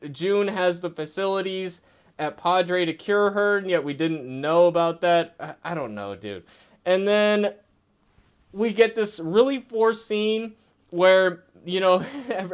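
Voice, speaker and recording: Male TV reviewer, high clear voice, sarcastic, swearing, casual vlog rant. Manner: sarcastic, profane, laughing rants. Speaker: TV show reviewer.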